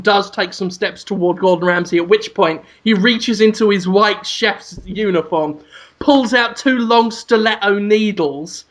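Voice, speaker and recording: A man hosting a podcast, rambling through an absurd comic pitch with amused energy. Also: fairly bright tone. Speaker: podcast host. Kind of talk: comedic storytelling.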